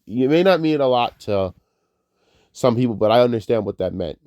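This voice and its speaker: A man's voice: mid-range voice, animated, normal speed, darkish tone, dry recording, studio quality. A man giving a casual, rambling movie review, emotional and tearful, swearing freely as he talks. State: tearful, crying.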